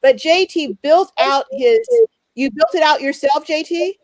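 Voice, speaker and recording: A woman's voice: high voice, unhurried, no room sound, rough recording. A woman hosting a live stream, chatting and greeting viewers by name as she reads out their comments.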